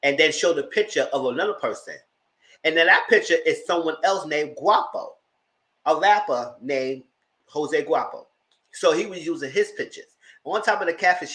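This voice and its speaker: A man casually retelling a reality show episode, animated and incredulous, jumping to high exclamations. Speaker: TV recap vlogger. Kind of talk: casual recap commentary.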